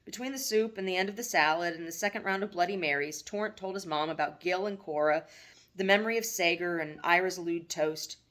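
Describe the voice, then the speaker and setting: A woman author reading her own novel aloud in steady, wry audiobook narration. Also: on the low side, fairly quick.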